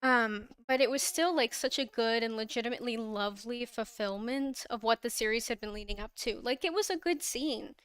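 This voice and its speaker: A woman's voice: fairly high pitch, brisk, hardly any pauses, fairly bright tone, clean tone. A young woman chatting casually on her livestream, gushing about a fandom with frequent giggles and restarts, close to her own microphone. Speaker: livestream host.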